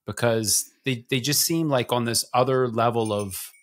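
Man, podcast co-host, casual group chat, animated, rambling, filler-heavy, mid-pitched voice. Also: normal speed. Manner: animated, rambling, self-deprecating, many fillers.

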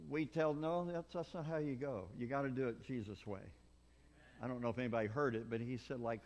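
A male preacher delivering a revival sermon, rising from quiet asides to loud shouted peaks and acting out the people he quotes. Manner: animated preaching, swings from low asides to loud shouted climaxes; acts out quoted people in voices. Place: church sanctuary.

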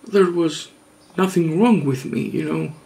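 A man vlogger giving a mock-serious confession, halting and hesitant, earnest and overwrought. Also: fairly high pitch, gravelly, warm tone. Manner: halting, hesitant, with long pauses.

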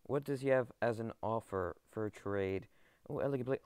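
Overexcited guy doing game commentary, stammers and repeats stuff, smooth clean voice, dry close mic. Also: medium pitch, moderate pace, a little mellow, no room sound. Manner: overexcited, stammering, repeats himself, addresses viewers as guys. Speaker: gaming video creator. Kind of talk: excited gameplay commentary.

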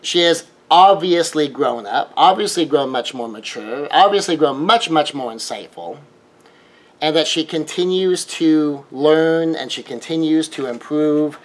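A man's voice: a little high, unhurried. A middle-aged man, talking through relationship advice in a conversational monologue and now and then acting out quoted exchanges. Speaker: relationship teacher. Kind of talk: casual monologue.

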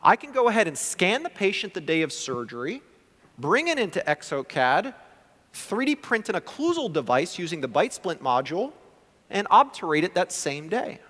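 A male prosthodontist gives a conference talk, his fairly high voice swinging widely as he acts out his patients' words. The delivery is lively and conversational. A long hall reverb trails each phrase. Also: moderate pace. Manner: animated, acts out patient quotes. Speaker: guest lecturer, prosthodontist.

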